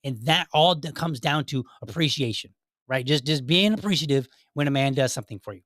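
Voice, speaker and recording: A man's voice: mid-range voice, a little fast, a bit bright, no echo, studio quality. A middle-aged man hosting his own podcast, rambling in a chatty way with many restarts. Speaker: podcast host. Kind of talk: casual solo podcast commentary.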